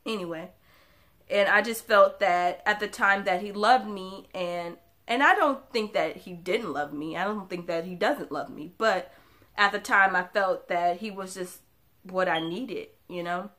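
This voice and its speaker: A young woman vlogger tells a painful personal story to the camera in a candid, confiding way, laughs breaking in between the sad moments. Her medium-pitched voice is unhurried, pushed and bright.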